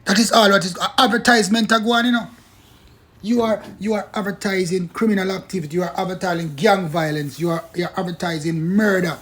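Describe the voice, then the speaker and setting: A Jamaican man rants through a political opinion monologue. His voice sits a little high for a man. He hammers each point again and again and drifts between standard English and patois. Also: fairly even intonation, a little fast, fairly bright tone. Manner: heated, emphatic, repeats points, slips into patois. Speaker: political commentator.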